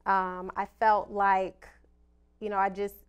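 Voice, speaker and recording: A woman's voice: medium pitch, flat delivery, slow pace, smooth, lo-fi sound. A woman in her thirties, a social worker, speaking candidly and reflectively in an interview and laughing at herself now and then. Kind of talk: personal interview talk.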